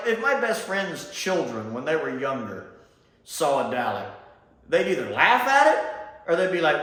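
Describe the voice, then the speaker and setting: Guy from mississippi chatting away about a tv episode, lively voice that jumps around, laughs a lot, really echoey room. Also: fairly high pitch. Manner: animated and chatty, laughs often, does mocking voices. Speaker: reviewer. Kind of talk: casual review commentary.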